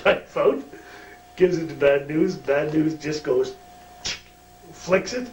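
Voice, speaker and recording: A man's voice: on the high side, takes it slowly, long pauses, a little mellow. A man, a former wrestler, telling a backstage story in a shoot interview, profane and chuckling. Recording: roomy distant mic, faint hum.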